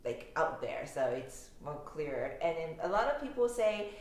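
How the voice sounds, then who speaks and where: A woman's voice: low voice, sing-song, moderate pace. A young woman from Osaka with a Japanese accent, teaching pronunciation in a casual lesson and laughing often. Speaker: language teacher. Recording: very echoey room.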